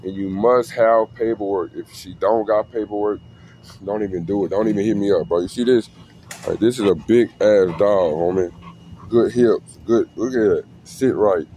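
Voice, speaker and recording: A man's voice: lowish voice, moderate pace, mellow, a little hiss or hum. A man who breeds dogs, talking casually and slangily to the camera outdoors with his dog. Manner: slangy, laid-back, talks to camera and dog. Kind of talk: casual vlog talk.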